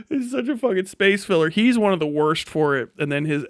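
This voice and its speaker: A man's voice: sits high, animated, brisk, hardly any pauses, no room sound, studio quality. A man from Wisconsin, ranting bluntly and swearing as a live streamer. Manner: blunt, sweary, laughs mid-sentence. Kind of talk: casual profane rant reacting to a video.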